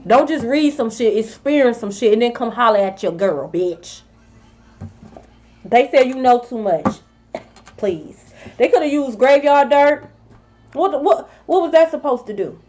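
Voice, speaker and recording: A woman's voice: a little high, expressive, a little slow, pauses often, darkish tone, dull audio. Sassy, scolding woman tarot reader. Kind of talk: confrontational spiritual vlog monologue.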